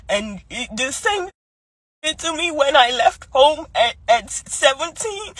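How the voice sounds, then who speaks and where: A young woman crying as she talks in a personal vlog, halting and restarting her sentences. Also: sits high, lively intonation, a bit bright, dry recording, rough recording. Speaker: vlogger.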